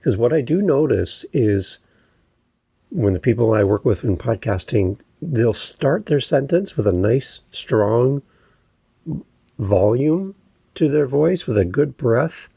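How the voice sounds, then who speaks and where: Gravelly, husky-voiced male podcast coach. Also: mid-range voice, expressive, slow pace, warm tone, dry recording. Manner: explains step by step, demonstrates inflection examples. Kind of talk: instructional podcast talk.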